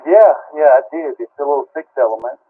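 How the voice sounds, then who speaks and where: A man's voice: fairly high pitch, animated, fast talker, husky. A man chats casually on an amateur radio net, easygoing and self-deprecating. His voice comes through a thin, tinny, phone-like radio signal.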